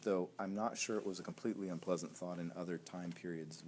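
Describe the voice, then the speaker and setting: A man preaching as a young adults pastor, telling stories in a chatty, animated way with laughter. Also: deep voice, a little hiss or hum. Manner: conversational, animated storytelling with laughs and acted voices. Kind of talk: sermon teaching.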